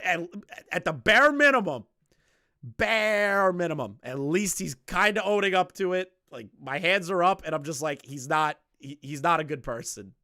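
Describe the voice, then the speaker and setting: A young man giving casual reaction commentary, rambling and repeating himself, swinging from loud remarks to low muttering. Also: clean tone, no echo, studio quality. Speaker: commentary streamer.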